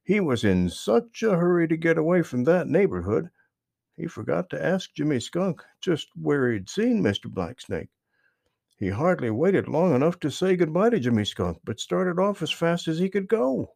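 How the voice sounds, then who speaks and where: A man narrating a children's book aloud, with expressive storytelling and lively emphasis. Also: fairly high pitch, normal speed, vocal fry, dry recording, studio quality.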